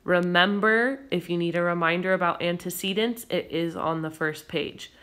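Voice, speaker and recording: A woman teacher explaining a recorded grammar lesson patiently and clearly, with occasional fillers. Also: lowish voice, normal speed, a bit bright.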